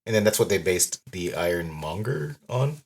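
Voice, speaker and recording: A man's voice: low-pitched, sing-song, moderate pace, breathy edge. A man co-hosting a podcast in easygoing casual chat. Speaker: podcast co-host.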